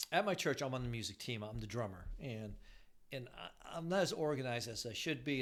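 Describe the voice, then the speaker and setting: An older man, married for decades, giving casual relationship advice, rambling with frequent restarts. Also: medium pitch.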